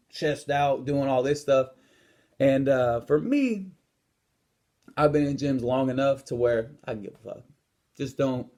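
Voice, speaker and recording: A young man hosting his own coaching show, telling a story in a blunt, profane way and acting out confrontations with sudden loud outbursts. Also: medium pitch. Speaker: podcast host, lifestyle and health coach. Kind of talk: casual storytelling monologue.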